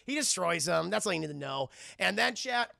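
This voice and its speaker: A man running a live-streamed film review, profane and excitable, who keeps laughing and turning to his chat. His voice is high for a man, bright and heavily gravelly. The sound is dry and close. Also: brisk, no room sound.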